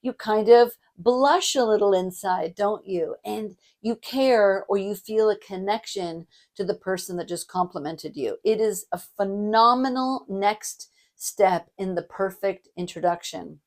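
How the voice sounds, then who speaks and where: A middle-aged woman coaching public speaking in a lesson to camera, with a demonstrative delivery that moves between lively hype and a softer, lower tone. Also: unhurried, hardly any pauses. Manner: demonstrative, shifts between energetic hype and soft warm tones.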